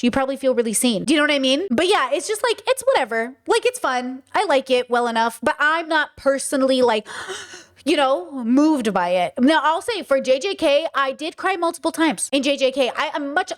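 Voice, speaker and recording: A young woman hosting her channel, chatting casually about shows in an animated, swearing way, often saying bro. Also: high voice. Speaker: channel host. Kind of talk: casual commentary chat.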